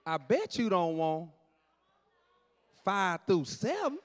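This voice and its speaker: A man doing stand-up comedy in a church, telling stories with animated delivery, acting out dialogue and shouting punchlines to a live audience. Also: sits high, slow pace.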